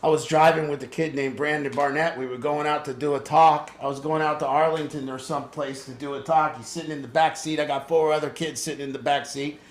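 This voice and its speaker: A man leads a support group for the families of addicts, talking bluntly and swearing freely as he acts out little scenes. His voice sits slightly high. The room around him rings with echo. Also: fairly even intonation, fast talker, few pauses. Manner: blunt, profane storytelling with voiced impressions. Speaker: addiction program leader.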